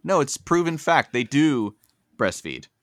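Podcast guy telling the episode story, animated and jokey, dead dry room. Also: mid-range voice, measured pace, no room sound. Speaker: podcast host. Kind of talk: casual recap of a cartoon episode.

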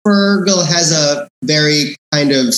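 A man's voice: on the high side, slow pace, a bit bright, reverberant, poor audio. A man in a casual discussion, thinking aloud in a hesitant, reflective way. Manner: hesitant, reflective, many restarts. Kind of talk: casual chat.

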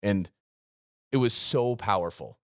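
A man with a fairly low voice talks in a casual podcast chat, earnest and emphatic, circling back over his words. The sound is dry and close to the mic. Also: unhurried, no echo. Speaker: podcast co-host, gym business coach.

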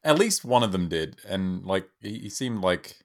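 A man's voice: sits low, lively intonation, moderate pace. A man co-hosting a podcast in casual chat, sarcastic and swearing, often laughing at his own jokes. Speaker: podcast co-host.

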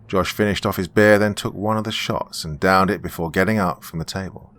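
A man narrating a scripted horror story in a steady storytelling manner. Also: sits low, brisk, few pauses.

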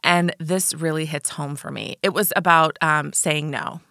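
A woman's voice: deep voice, steady tone, measured pace, sharp tone, no room sound, studio quality. A woman co-hosting a comedy podcast, chatting casually and reading a listener's email aloud with asides. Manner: conversational, reads aloud with asides. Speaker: podcast co-host.

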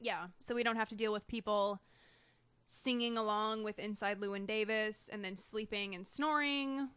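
A woman's voice: mid-range voice, steady tone, moderate pace, a bit bright, smooth, no room sound. A woman co-hosting a podcast in casual chat, telling stories in a matter-of-fact way. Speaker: podcast co-host.

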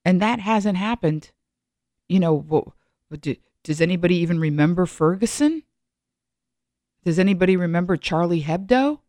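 A woman's voice: lowish voice, lively intonation, normal speed, long pauses, mellow, no echo. Rambling middle-aged woman, dry sound. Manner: rambling, with frequent restarts and asides. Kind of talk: reflective solo monologue.

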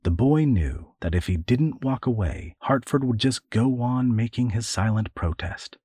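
A man narrating a storybook adventure in a measured, storytelling voice. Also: medium pitch, animated, mellow, slightly rough, dry recording. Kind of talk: audiobook narration.

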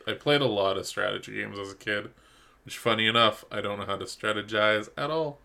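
A man co-hosting a podcast in casual chat, excitable, laughing and swearing often. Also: on the low side, a little fast, gravelly. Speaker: podcast co-host.

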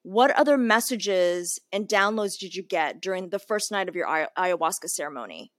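A woman hosting an interview, affirming and reflective, often backing her guest with soft "mm" sounds. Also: lowish voice, lively intonation, normal speed, no room sound. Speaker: podcast host. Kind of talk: conversational interview.

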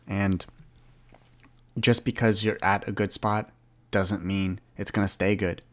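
A man's voice: on the low side, flat delivery, slow pace. A man in his twenties talking earnestly in a rambling solo podcast monologue, often restarting his sentences. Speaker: podcast host.

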